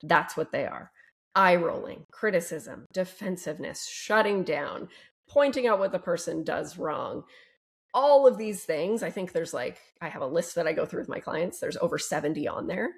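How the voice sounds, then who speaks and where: A woman relationship coach speaking as a guest on a podcast interview, upbeat and expressive. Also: lowish voice, normal speed, gravelly. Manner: upbeat and expressive, fond of gentle emphasis.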